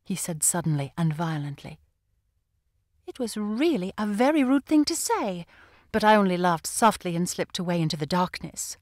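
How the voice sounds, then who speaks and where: A woman narrating an audiobook in the first person, with a measured, unhurried reading. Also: on the low side, sing-song, no room sound, clean studio sound.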